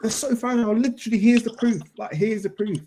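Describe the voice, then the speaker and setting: A man co-hosting a casual wrestling podcast, opinionated and quick to jump in. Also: sits high, steady tone, warm tone, husky. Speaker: podcast co-host.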